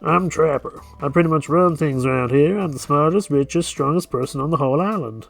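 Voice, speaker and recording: A man voicing a loud, boastful, bullying male leader in a game. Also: on the high side, brisk, soft background music.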